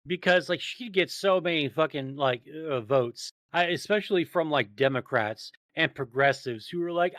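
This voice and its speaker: A man's voice: on the high side, normal speed, hardly any pauses, a bit bright, no echo. A man with a slightly raised voice, recorded dry with no room sound. He trades crude, profane jokes in casual podcast banter. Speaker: podcast co-host.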